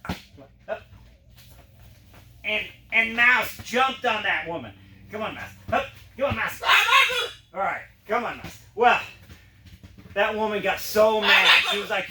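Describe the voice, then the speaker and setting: A man's voice: sits high, unhurried, long pauses. A man performing a dog trick show, telling a rambling story and breaking off to cue his dogs. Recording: roomy, distant mic, background noise.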